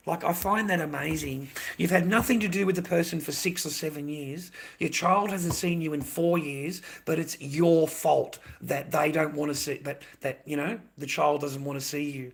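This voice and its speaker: A man's voice: a little high, moderate pace, vocal fry, hardly any pauses, breathy edge. An older Australian man talking casually on a livestream, blunt and repetitive, swearing often as he vents.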